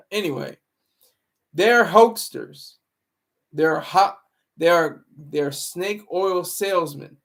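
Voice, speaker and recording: Gravelly man preaching on a livestream. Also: high voice, drawn-out words, pauses often. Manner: preachy, moralizing, restarts words often. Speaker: livestream commentary host. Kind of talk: rambling live commentary.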